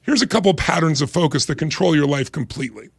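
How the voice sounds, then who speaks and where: A man's voice: on the high side, quick pace, vocal fry, breathy edge, no room sound, studio quality. A man in his sixties, a guest on a talk show, explaining ideas energetically and emphatically. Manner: energetic, emphatic, acts out quoted voices. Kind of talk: motivational interview talk.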